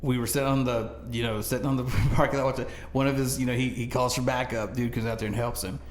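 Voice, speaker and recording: A man spinning a story on a casual podcast, animated and quick to laugh. His voice sits at an ordinary middle pitch. The room around him rings with echo, and a faint hiss runs underneath. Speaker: podcast co-host. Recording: echoey room, faint noise.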